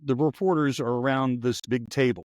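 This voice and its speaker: A man's voice: mid-range voice, fairly even intonation, moderate pace, a little mellow, no room sound. A man in his sixties, a former radio newsman hosting a podcast, telling stories in a rambling, wry, anecdotal way. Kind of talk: casual storytelling chat.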